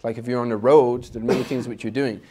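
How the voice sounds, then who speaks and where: A man's voice: steady tone, fast, noisy background. A man giving an informal spiritual lecture. He talks conversationally and often repeats a word at the start of a phrase. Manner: acts out inner voices with sudden pitch jumps. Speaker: Islamic teacher.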